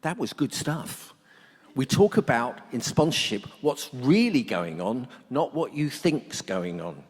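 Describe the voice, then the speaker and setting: A man's voice: mid-range voice, big pitch swings, measured pace, slightly rough. A middle-aged man speaking to a workshop audience, a blunt and joking storyteller. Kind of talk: humorous talk to an audience. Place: conference hall. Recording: long hall reverb.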